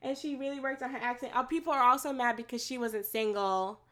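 A woman's voice: on the high side, quick pace. Laughing, chatty woman podcaster. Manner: laughs often, animated storytelling. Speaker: podcast co-host. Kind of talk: casual chat.

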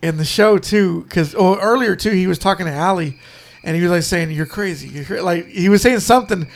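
A middle-aged man co-hosts a casual watch-along, reacting to a film, telling stories and laughing often. His voice is high-pitched and creaky, and he talks briskly.

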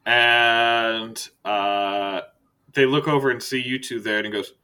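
A man running a tabletop game who narrates scenes in an easygoing, laughing way. His voice is bright and clear, at a middle pitch. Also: fairly even intonation, slow pace. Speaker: game master.

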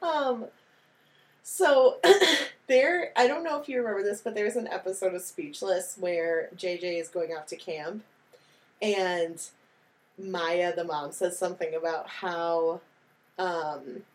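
A woman's voice: on the low side, slow. A young woman co-hosting a podcast, chatting casually while they watch a movie, laughing often and acting out lines as she quotes them. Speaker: podcast co-host.

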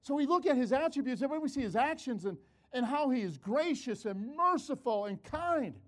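An older man preaching a sermon, telling a family story with animated delivery and repeated words, calling out to his audience. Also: very high-pitched, normal speed.

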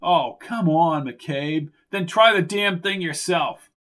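A man's voice: a little high, slow pace, a bit bright, pitched above the performer's own voice. A man voicing a frightened, defiant woman in an audiobook, speaking sharply and commandingly. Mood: tense, defiant.

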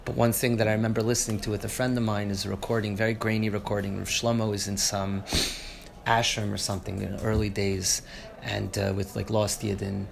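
A man teaches a Torah class haltingly, with many restarts and fillers, shifting between low, reflective talk and loud, fervent teaching. His voice is creaky with a level tone, and there is background noise.

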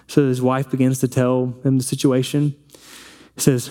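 Man preaching a sermon, warm mellow voice, tells stories and does the lines. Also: medium pitch, little pitch movement, brisk. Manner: retells a film scene, acting out the family's lines. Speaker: pastor.

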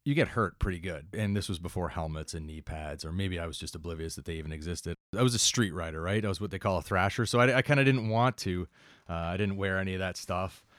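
A man in his thirties from Canada, a firefighter telling relaxed, rambling stories in a casual interview. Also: low voice, fast, no room sound, studio quality. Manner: relaxed, rambling anecdotes with many asides. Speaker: firefighter and instructor, guest.

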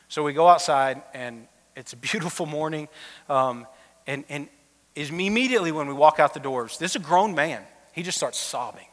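A man preaching a sermon as a pastor, telling stories in a conversational way and sometimes dropping his voice low and soft. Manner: conversational storytelling preaching, drops to a soft quiet voice in emotional moments. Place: church auditorium. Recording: long reverb of a church hall.

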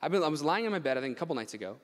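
A young man preaching as a youth pastor, conversational and animated, laughing and acting out asides. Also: a little high, rapid-fire. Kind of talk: sermon. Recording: long hall reverb.

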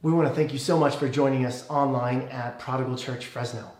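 A man preaching a sermon as pastor, telling a story earnestly and praying softly. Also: steady tone, brisk, echoey room. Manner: earnest storytelling, dropping soft and low in prayer.

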